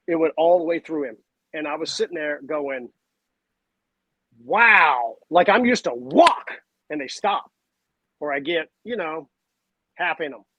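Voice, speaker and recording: A man, a podcast guest telling stories in a casual, animated way. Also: on the high side, moderate pace, no room sound, dull audio. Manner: animated, acts out voices and sounds. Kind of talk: casual storytelling chat.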